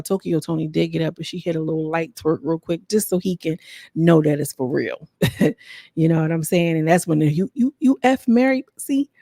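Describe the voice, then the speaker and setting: A woman's voice: lowish voice, a little mellow, no echo, studio quality. A woman hosting a podcast, recapping gossip in a sassy, chatty way, talking straight to her viewers. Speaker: podcast host.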